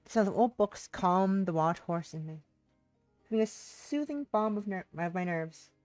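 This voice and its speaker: A woman's voice: medium pitch, moderate pace, darkish tone, dry recording. A young woman streamer, reading a visual novel aloud and chatting with viewers. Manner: reads narration and dialogue aloud, breaks off to chat with viewers. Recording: dry close mic with faint music behind.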